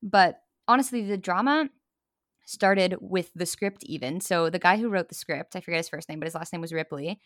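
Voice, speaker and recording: A woman's voice: on the low side, normal speed, no room sound, studio quality. A woman co-hosting a casual podcast, talking bluntly and conversationally with fillers. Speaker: podcast co-host. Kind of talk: casual chat.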